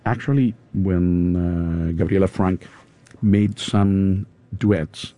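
Spanish guy, english isn't his first language, really dark mellow voice, lots of uhs and pauses. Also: deep voice, fairly even intonation. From Spain. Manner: halting, searching for words with fillers. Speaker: opera singer guest. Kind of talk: interview.

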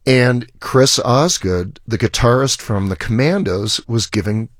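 A man's voice: mid-range voice, unhurried, no echo, studio quality. A middle-aged man, a musician guest on a radio show, telling rambling stories in a casual way and acting out quoted lines. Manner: rambling anecdotes with restarts and acted quotes. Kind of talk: casual storytelling interview.

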